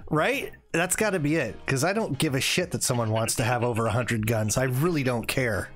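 A man's voice: medium pitch, brisk, fairly bright tone, soft background music. A man in his forties hosting a casual gaming livestream, rambling and getting worked up as he chats. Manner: rambling, gets worked up, then apologizes. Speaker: livestream host.

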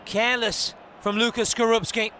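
A male football commentator, calling match highlights play by play and lifting into shouts at the goals. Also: flat delivery, normal speed, a little hiss or hum.

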